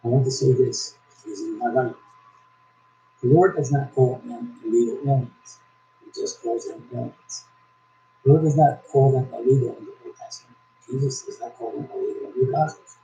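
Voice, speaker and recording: A man reading a founding text aloud slowly and haltingly, correcting himself as he goes, then giving preachy religious commentary. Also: medium pitch, warm tone, roomy sound, rough recording. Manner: preachy, exhorting. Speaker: YouTube commentator.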